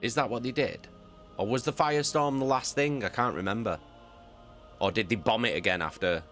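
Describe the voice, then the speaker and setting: A man who reads audiobooks, chatting casually with live viewers, animated and swearing often as he repeats himself. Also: mid-range voice, a little fast, soft background music. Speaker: audiobook reader and streamer.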